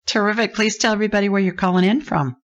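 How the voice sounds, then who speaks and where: A woman's voice: mid-range voice, steady tone, rapid-fire. A woman hosting a call-in podcast, talking in a soothing, chatty, descriptive way. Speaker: podcast host and psychic. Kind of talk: call-in show chat. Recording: dull lo-fi sound.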